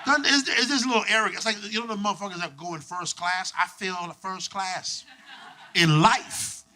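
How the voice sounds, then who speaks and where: Man, stand-up comedian, club stage, profane, animated, bright voice, high pitch. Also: normal speed, a little hiss or hum.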